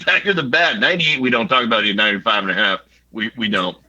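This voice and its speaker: Bright-voiced man joking about fantasy football. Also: on the low side, fast talker, dull audio. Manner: joking, animated, swears casually. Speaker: fantasy league co-host. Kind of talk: casual banter.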